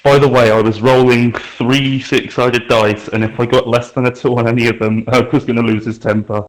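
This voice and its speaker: A man's voice: medium pitch, flat delivery, normal speed, low-quality recording. A man talks casually as a player in a tabletop game. His voice sits in a middle range. He explains his dice rolls in a dry, matter-of-fact way.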